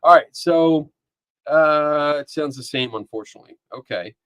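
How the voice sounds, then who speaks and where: A man's voice: fairly high pitch, moderate pace, fairly bright tone, clean tone, no echo. A man hosting a live stream from a home studio, chatting casually and reading comments aloud, often laughing and rambling. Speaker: podcast host. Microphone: dynamic microphone.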